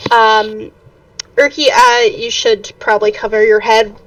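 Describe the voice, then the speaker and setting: A woman's voice: fairly high pitch, fairly even intonation, unhurried, recorded from a distance, low-quality recording. A woman playing a tabletop game, talking hesitantly with many fillers. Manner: hesitant, full of fillers, swears. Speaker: player. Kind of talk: casual tabletop game play.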